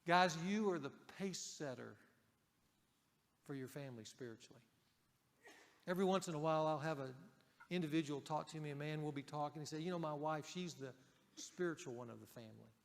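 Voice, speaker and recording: A male pastor preaching a sermon in a conversational way, raising his voice for emphasis and dropping it softly for key points. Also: fairly high pitch, brisk, creaky, pauses often, big-room sound.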